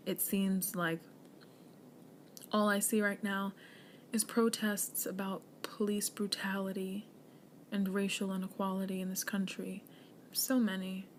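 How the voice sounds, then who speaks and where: Slow, earnest young woman podcaster. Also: medium pitch, a little hiss or hum. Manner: earnest and encouraging, slipping into soft near-whispers. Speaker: podcast host. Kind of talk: solo podcast monologue with affirmations.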